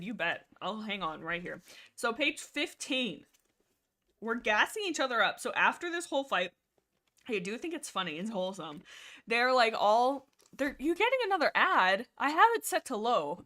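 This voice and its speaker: Bright, rambling young woman streamer. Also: a little high, big pitch swings, moderate pace. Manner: rambling, giggly, lots of fillers. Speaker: livestream host. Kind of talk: casual book-discussion livestream.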